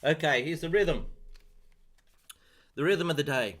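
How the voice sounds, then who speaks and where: Slow-talking man teaching piano live. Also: fairly high pitch, lively intonation, fairly bright tone. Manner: chatty, counts and chants rhythms aloud, self-deprecating. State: voice a bit rough, clearing throat and coughing. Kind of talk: casual live-stream piano lesson. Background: piano playing.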